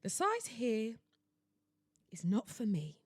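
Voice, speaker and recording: A young woman hosts her own podcast and tells her story as a dramatic, sarcastic rant. Her voice sits fairly high and swoops all over the place as she exclaims. The sound is close and dry. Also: huge pitch swings, slow pace, husky, no echo. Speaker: podcast host. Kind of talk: casual solo podcast rant. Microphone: laptop setup at home.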